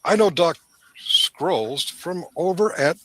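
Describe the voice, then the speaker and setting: A man's voice: a little high, lively intonation, slow pace, a bit bright, slight background noise. A man hosting a live stream, with rambling, sarcastic commentary into a desk microphone. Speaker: stream host.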